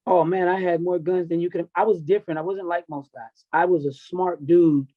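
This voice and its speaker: A middle-aged man with a fairly high voice recounts his past in a blunt, profane, emotional way. The audio is dull and lo-fi, like a basic podcast recording. He speaks as a coach looking back on his youth. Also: fairly even intonation, a little fast. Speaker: podcast guest, wrestling and MMA coach. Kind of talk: candid personal storytelling.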